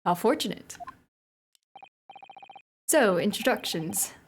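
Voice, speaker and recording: A woman voicing a stately, imposing older British chief justice in a put-on British accent, speaking slowly and self-importantly, over faint game music. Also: mid-range voice, expressive, a little hiss or hum. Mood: pompous.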